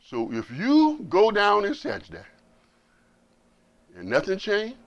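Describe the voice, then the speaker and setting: Fiery, high-pitched preaching man. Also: wildly swooping pitch, takes it slowly, lo-fi sound. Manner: impassioned, swings from loud preaching to low asides; blunt and colloquial, repeats words for emphasis. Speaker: imam. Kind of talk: Friday sermon.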